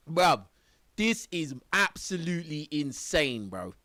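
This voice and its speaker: High, lively young streamer. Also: male voice, dry recording. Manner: laughing, exclamatory, heavy slang. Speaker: live streamer reacting to clips. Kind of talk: excited reaction commentary.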